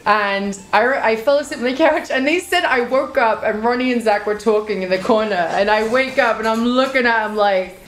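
A woman's voice: fairly high pitch, moderate pace, hardly any pauses. Chatty, swearing woman streamer, roomy sound. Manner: chatty, swears freely, trails into restarts. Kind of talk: casual storytelling to chat.

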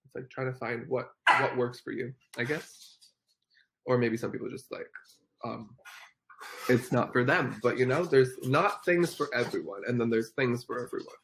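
A young adult hosting a casual home livestream, reading viewer comments aloud, effusive and quick to laugh, sometimes cooing baby talk to a dog. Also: mid-range voice, gravelly, background noise. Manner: giggly and effusive, laughs often. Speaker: livestream host.

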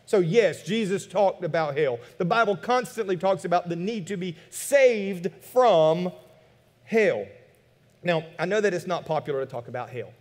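A male pastor preaching a sermon in a church, animated, firing rhetorical questions and dropping into quiet asides. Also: high voice, moderate pace, big-room sound. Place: church sanctuary.

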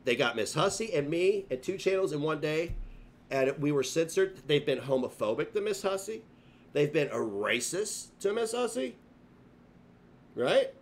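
A man's voice: on the high side, big pitch swings, normal speed. A male live streamer delivering a profane, confrontational rant full of taunts. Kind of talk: livestream rant.

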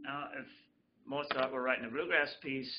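A man's voice: mid-range voice, fairly even intonation, normal speed, over loud music. A man teaching a fiddle lesson over a livestream, explaining loosely with many restarts and fillers. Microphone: computer mic on a video call. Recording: dull lo-fi livestream audio with fiddle. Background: fiddle playing.

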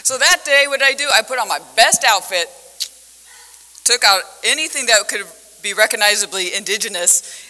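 Woman academic on a conference panel, bright and lively, acting out the dialogue, with long hall echo. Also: a little high, moderate pace. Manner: animated storytelling, acts out dialogue, laughs often. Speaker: university professor on a conference panel. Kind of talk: conference talk with slides.

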